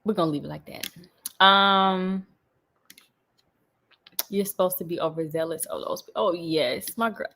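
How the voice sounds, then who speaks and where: A woman's voice: medium pitch, normal speed, a bit bright. Chatty young woman on a livestream. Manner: chatty and laughing often, talking straight to viewers. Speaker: livestream host reading viewer comments. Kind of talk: casual chat.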